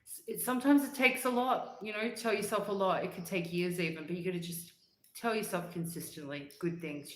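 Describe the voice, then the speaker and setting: Woman, livestream host, low-pitched, chatty and upbeat, laughs a lot, echoey room. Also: fairly quick, a bit bright, slight background noise. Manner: chatty and upbeat, laughs often, hums and sings snippets. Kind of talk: casual livestream chat reading comments.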